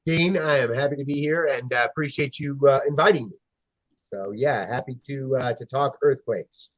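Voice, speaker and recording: A man who runs a history museum, talking as a guest in a casual interview, friendly but often pausing on fillers while he hunts for details. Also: medium pitch, dry recording. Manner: hesitant, pauses often with fillers.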